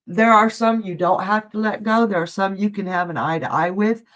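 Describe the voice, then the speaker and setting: A woman's voice: medium pitch, normal speed, a bit bright. A woman hosting a live psychic reading stream, talking in a chatty, folksy way and calling viewers honey and love. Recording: dull lo-fi stream audio.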